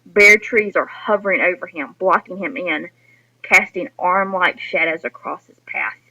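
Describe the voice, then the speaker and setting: A woman teacher walks her students through a recorded lesson, explaining each point patiently and speaking straight to them. Her voice is bright and clear in tone. The recording itself sounds a little dull and lo-fi. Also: lowish voice, moderate pace.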